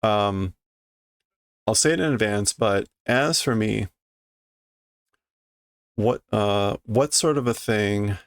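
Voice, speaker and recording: A man works slowly through a manga, reading and translating as he goes. His voice has a gravelly edge, and he keeps hesitating and correcting himself while he thinks out loud. The sound is dry and close. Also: fairly low pitch, no echo. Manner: hesitant, self-correcting, muttering through guesses. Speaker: streamer reading a manga aloud.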